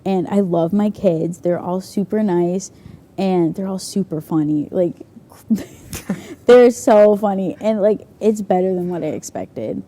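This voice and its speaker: A woman's voice: fairly low pitch, slow, mellow. A young woman youth leader chatting casually, giggling and saying "like" a lot as she tells stories. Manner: bubbly, giggly storyteller, says "like" a lot. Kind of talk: casual chat.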